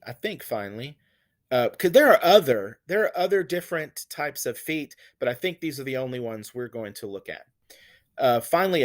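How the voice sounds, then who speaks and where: A man teaching poetic meter, explaining step by step with fillers and self-corrections, and reading verse lines slowly with heavy stress on the beats. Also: medium pitch. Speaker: poetry teacher. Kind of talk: classroom lecture on poetic meter.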